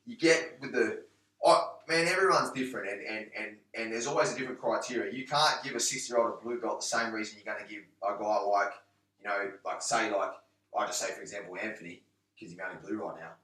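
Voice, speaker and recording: Fast, brassy English man in an echoey room. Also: on the low side, bright, forceful tone. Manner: rapid, emphatic, many restarts and swearing. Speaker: guest, MMA gym owner and coach. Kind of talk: casual podcast chat. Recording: roomy, echoey room, mic at a distance.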